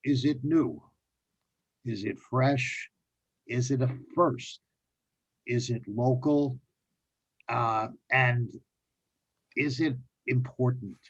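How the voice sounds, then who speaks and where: Husky male panelist, New York accent, lo-fi webinar audio. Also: medium pitch, drawn-out words, long pauses.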